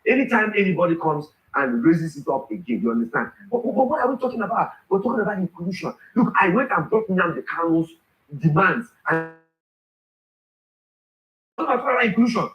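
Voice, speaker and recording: A man's voice: high-pitched, big pitch swings, brisk, fairly bright tone. A man with a Nigerian accent, a barrister on a talk show panel, speaking emphatically and repeating himself. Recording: roomy echo.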